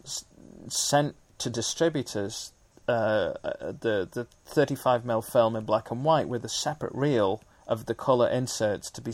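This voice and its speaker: A man speaking as a film historian in a conversational discussion, measured and detailed, with frequent restarts. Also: medium pitch, dry recording.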